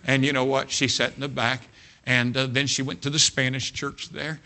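Guy preaching, bright sharp tone, folksy, keeps saying you know what. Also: medium pitch, little pitch movement, moderate pace. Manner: folksy, repeats "you know what", swings from soft to loud. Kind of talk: sermon with personal story.

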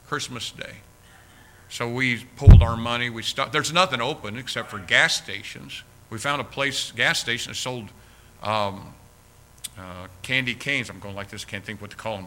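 A man's voice: mid-range voice, fairly quick, pushed and bright, poor audio. A man preaching a sermon in a folksy, earnest storytelling manner, ending in prayer. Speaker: pastor.

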